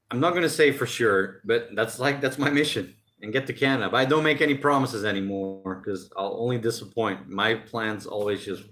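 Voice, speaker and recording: A man's voice: lowish voice, moderate pace, hardly any pauses, fairly bright tone. A man hosting a casual live stream outdoors by the ocean, reading out chat messages and chatting loosely with lots of jokes. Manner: loose, rambling and jokey, often laughing.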